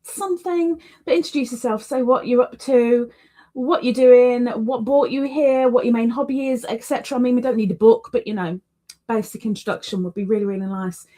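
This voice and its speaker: A woman's voice: a little high, a little fast, dark tone. A woman hosting a casual livestream, chatty and repeating words for emphasis. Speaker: livestream host.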